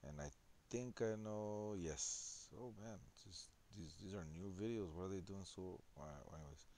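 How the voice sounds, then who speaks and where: A man's voice: sits low, moderate pace, dark tone. A young man who works as a tattoo artist, talking in a rambling, laid-back way with slang. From El Paso, Texas. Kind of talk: casual narration over photos.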